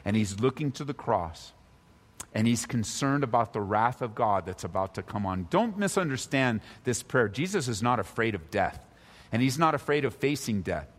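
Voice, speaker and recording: A man preaching in a church sanctuary, his voice at an ordinary middle pitch. He swings between rising, forceful emphasis and quiet, low passages. A long reverb from the large hall trails each phrase. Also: lively intonation, normal speed. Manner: impassioned preaching, swinging between loud high emphasis and low hushed stretches. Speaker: pastor. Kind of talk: sermon.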